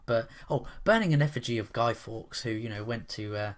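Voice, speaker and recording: A man's voice: medium pitch, fairly quick, few pauses. A man giving opinionated commentary in a rambling, sarcastic way, full of restarts and asides. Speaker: commentary vlogger.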